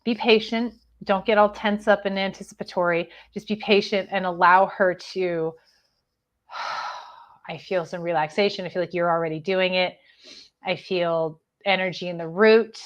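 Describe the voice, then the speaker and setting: A woman psychic medium giving a live online spiritual reading, speaking gently and hesitantly, with many fillers and restarts. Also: fairly low pitch, steady tone, normal speed, highs cut off.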